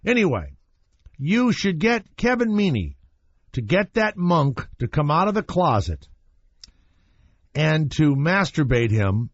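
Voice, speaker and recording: A male talk radio host spins a rambling story, his pitch swinging up and down as he talks. He sounds relaxed and casual. The broadcast sound is muffled and slightly dull. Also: a little slow, long pauses, dry recording.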